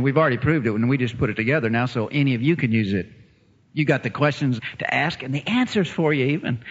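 A man preaching a sermon, telling a story in an animated way and chuckling as he talks straight to the congregation. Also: medium pitch, long reverb tail. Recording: slightly muffled lo-fi sound.

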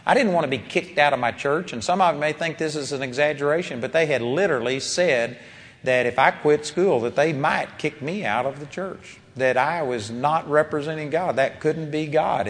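A man preaching a sermon, telling a personal story with animated rises and quiet drops when quoting people. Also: fairly high pitch, normal speed. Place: large seminar hall. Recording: long reverb of a large hall.

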